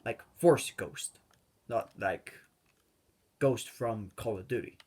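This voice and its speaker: A man's voice: fairly low pitch, takes it slowly, darkish tone, slightly rough. A young man hosting a gaming video, rambling off on tangents with many fillers. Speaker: gaming channel host. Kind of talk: rambling let's-play commentary.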